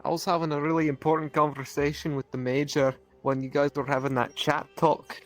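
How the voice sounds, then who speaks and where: A man chatting casually between roleplay scenes, animated and laughing as he retells what happened. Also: a little high, a little fast, faint music behind.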